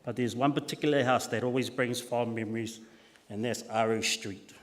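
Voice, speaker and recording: A man's voice: medium pitch, steady tone, normal speed. A man giving a funeral eulogy from notes, recalling childhood stories with many restarts. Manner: warm storytelling with frequent uh and restarts. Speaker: family member giving a eulogy. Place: church hall. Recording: long echo of a large church hall.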